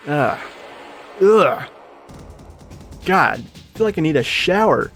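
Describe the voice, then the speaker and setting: A man giving casual let's-play commentary, swearing freely and quick to rant at game characters. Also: a little high, big pitch swings, creaky, fairly bright tone, faint music behind. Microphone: desk microphone.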